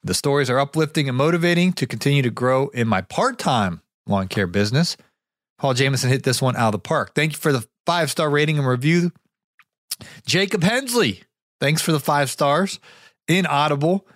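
A man's voice: a little high, animated, moderate pace, a bit bright, no room sound, clean studio sound. Rambling man with a sore throat. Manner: rambling, many restarts and fillers. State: recovering from a sore throat, cough drop in mouth. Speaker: podcast host. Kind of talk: casual storytelling podcast. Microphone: podcast mic.

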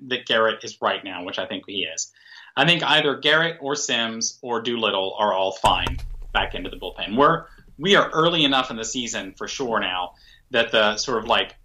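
A man's voice: fairly low pitch, pushed and bright. A man co-hosting a sports podcast, talking casually with dry, teasing humor. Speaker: podcast co-host.

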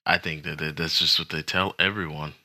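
A man's voice: rumbling low, fairly even intonation, fairly quick, bright, forceful tone. A man co-hosting a casual crypto news podcast, joking and rambling with self-conscious asides. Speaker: podcast co-host.

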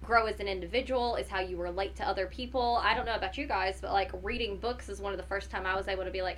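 A woman's voice: mid-range voice, quick pace, hardly any pauses, a little hiss or hum, poor audio. A woman in her thirties with a North Carolina accent, a guest chatting casually and expressively on a podcast. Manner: chatty and expressive, many fillers. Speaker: guest, former middle school teacher.

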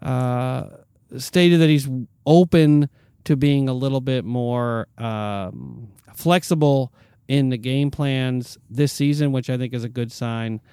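A young adult man hosting a sports chat, reading team news haltingly with many fillers and repeated words. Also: mid-range voice, warm tone, clean tone, no echo.

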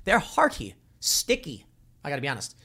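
Man, casual opinion monologue, lively swooping delivery, slightly higher voice, jokey. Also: normal speed. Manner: animated, joking, acts out quoted voices.

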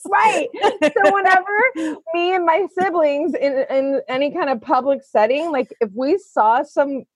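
Bubbly young woman hosting a podcast, high voice, laughs a lot, drifts off mid-thought, dry close sound. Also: a little slow, no echo. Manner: bubbly, laughs often, trails off mid-sentence. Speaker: podcast host. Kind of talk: casual podcast chat.

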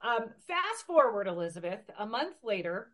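A woman in her forties from Oregon, telling a personal story in a lively, animated way during a casual interview. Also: fairly high pitch, normal speed. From Oregon, USA. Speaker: interview guest.

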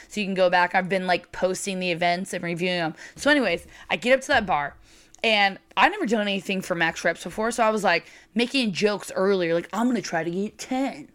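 Young female strength coach, casual solo podcast, high-energy and profane, filler-heavy. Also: a bit bright, clean tone.

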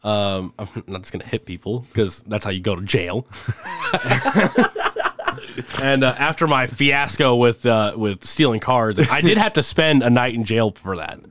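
A man's voice: mid-range voice, animated, moderate pace, a bit bright, a little hiss or hum. A young man telling rambling, laugh-filled stories as a guest on a casual podcast. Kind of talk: casual storytelling chat.

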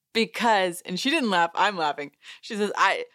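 A woman's voice: medium pitch, a bit bright. A woman hosting a podcast, casually recapping a show as an amused, chatty storyteller who laughs and acts out what others said. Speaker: podcast host.

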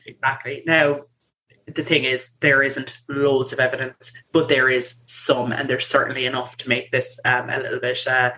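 A woman's voice: extremely low pitch, level tone, normal speed, bright, forceful tone, slight background noise. A woman hosting a casual podcast, chatty and giggly, presenting her research with lots of fillers.

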